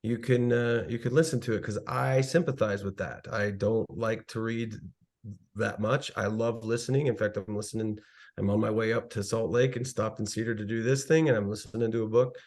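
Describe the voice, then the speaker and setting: Male interview guest, lowish voice, relaxed and earnest, motivational. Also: a little fast. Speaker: podcast guest, author. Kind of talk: casual interview talk.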